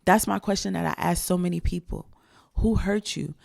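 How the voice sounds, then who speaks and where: A woman's voice: on the low side, steady tone, moderate pace, vocal fry, a little mellow. A woman in her thirties from New Jersey, a guest talking in casual conversation in an emphatic, slangy way. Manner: emphatic, street slang, talks like a rapper.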